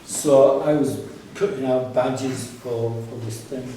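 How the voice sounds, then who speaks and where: The speaker, an artist and curator, is slow and mellow, with medium pitch and a steady tone. In a relaxed gallery talk he drifts through personal stories with restarts and fillers. There's a little hiss or hum, and the echoey exhibition space is picked up from a distance.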